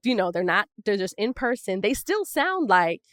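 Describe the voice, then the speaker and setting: She has a mid-range, sing-song voice, a bit bright, at a moderate pace, recorded with no echo and clean studio sound. This Brooklyn, New York podcast co-host tells personal stories in casual conversation, reflective and sprinkled with asides.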